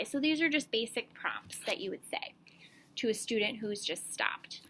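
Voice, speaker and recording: A woman's voice: a little high, big pitch swings, moderate pace, sharp tone, breathy edge. A woman reading specialist giving parents an informal, step-by-step talk, chatty and full of ums.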